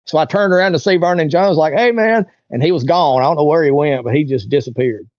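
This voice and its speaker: A man's voice: fairly high pitch, quick pace, a little mellow, dry recording, lo-fi sound. A man, an interview guest telling a long story in a rambling, folksy way. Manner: rambling, folksy, lots of "you know" and "like". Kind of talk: casual storytelling.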